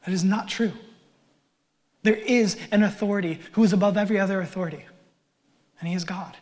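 Man, pastor, sermon, conversational, wry asides, loud swells, near-whisper drops. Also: high-pitched, steady tone, brisk.

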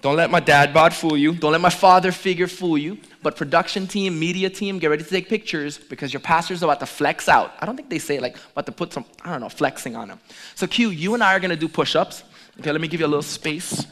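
A middle-aged man preaching as a pastor, joking playfully with the congregation during a lively demonstration. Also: a little high, fast. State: out of breath at times. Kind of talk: lively sermon with audience demonstration.

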